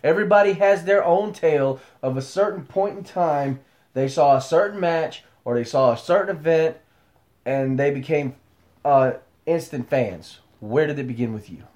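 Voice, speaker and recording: A man's voice: a little high, normal speed, darkish tone. A man hosting a casual podcast interview. He asks his questions in an easygoing, conversational way. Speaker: podcast host.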